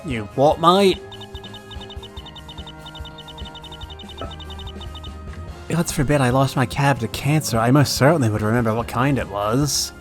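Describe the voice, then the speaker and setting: A man's voice: mid-range voice, moderate pace, faint music behind, natural voice. A man voicing a flustered middle-aged male witness in a courtroom game, with a put-on accent and a stammering, defensive manner. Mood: indignant.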